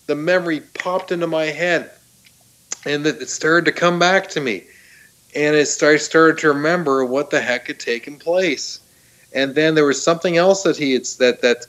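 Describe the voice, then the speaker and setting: Excited guy telling his story on a talk show, laughs a lot, keeps restarting sentences, mid pitch. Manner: excited, laughing often, many restarts and fillers. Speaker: guest telling a personal story.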